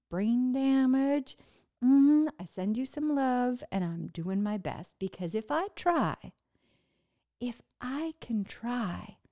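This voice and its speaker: A woman talking casually to her listeners, speaking haltingly with word-finding pauses, restarts and self-mocking laughs. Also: mid-range voice, a little mellow. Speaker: podcast host recovering from brain injury. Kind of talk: casual personal monologue.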